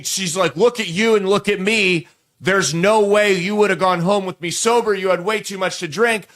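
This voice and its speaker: A man's voice: high voice, a bit bright. A man in his late twenties hosting a show, telling a crude, rambling comic story straight to viewers with plenty of restarts. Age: late 20s. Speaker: show host. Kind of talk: comedic monologue to viewers.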